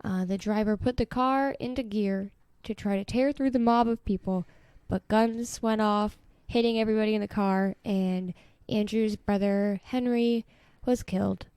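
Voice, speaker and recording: A woman's voice: medium pitch, steady tone, moderate pace, warm tone, clear, resonant tone, dry recording. A woman co-hosting a podcast, chatting casually and retelling a story with lots of "like" and "um" and frequent giggles. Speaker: podcast co-host. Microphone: podcast mic.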